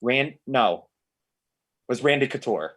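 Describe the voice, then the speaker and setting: A man's voice: medium pitch, takes it slowly. A man guesting on a casual comedy podcast, telling rambling stories with free swearing. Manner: animated, rambling storyteller, swears freely.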